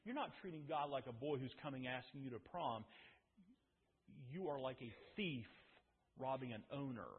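A man's voice: medium pitch, expressive, normal speed, husky. A male pastor preaching an earnest, emphatic sermon in a church, repeating his points. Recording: tinny, echoey church hall.

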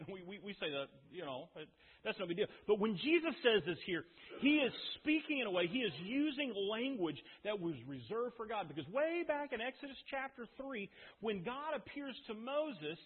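Husky-voiced male pastor preaching in a hall. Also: sits high, animated. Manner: conversational preaching with rhetorical questions and dramatic pauses. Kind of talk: sermon. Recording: phone-like audio with long hall reverb.

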